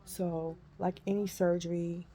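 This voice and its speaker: A woman in her fifties telling a personal story in a folksy, animated way and calling listeners honey and baby. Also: lowish voice, unhurried. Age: 50s. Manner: animated, acts out her own cries and shrieks. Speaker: vlogger.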